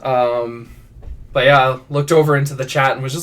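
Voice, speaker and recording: Live-streaming his fiction writing, a man rambles casually through viewer prompts, restarting often and tossing in self-deprecating asides. His mid-range voice is steady, a bit bright, and moderately paced. He sounds somewhat far from the mic.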